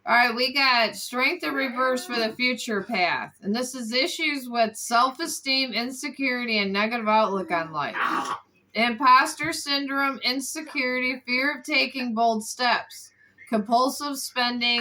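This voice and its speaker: A woman's voice: a little high, unhurried, sharp tone, rough recording. A woman giving a casual tarot card reading, exasperated, who swears casually and scolds people off camera between cards.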